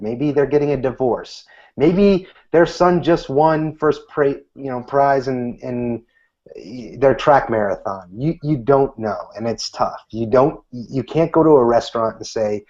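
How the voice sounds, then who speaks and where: A man in his thirties, a guest magician, giving casual interview answers and acting out what he says to people in a lifted voice. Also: mid-range voice. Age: 30s. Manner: animated, acts out quoted lines in a lifted voice. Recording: dull lo-fi recording.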